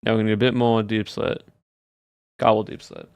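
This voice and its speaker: A man's voice: lowish voice, little pitch movement, normal speed, creaky, slight background noise. A game streamer chatting casually with viewers in a put-on Southern US drawl, easygoing as he plays. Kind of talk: casual live-stream chat while playing.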